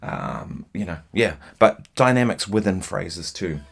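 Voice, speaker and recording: A man giving a casual guitar lesson, chatting in a relaxed, rambling way with lots of fillers and asides, guitar in hand. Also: low-pitched, measured pace, vocal fry, husky. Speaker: guitar teacher. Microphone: single mic, holding guitar while talking.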